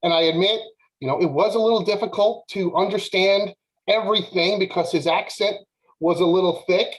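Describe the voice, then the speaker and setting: A man on a podcast panel telling a casual, animated story with lots of filler words. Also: high-pitched, fairly quick, rough recording.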